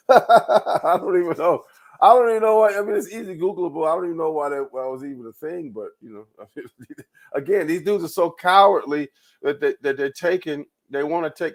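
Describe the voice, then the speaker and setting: A man hosting his own show, ranting in loose commentary with frequent profanity, repeated words and laughs. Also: on the high side. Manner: rambling, profane, repeats himself, laughs often. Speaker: show host.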